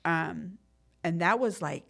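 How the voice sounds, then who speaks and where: A woman's voice: fairly low pitch, slow, gravelly. A middle-aged woman, a podcast guest telling her story in casual, streetwise slang full of fillers. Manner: lively when acting out quotes.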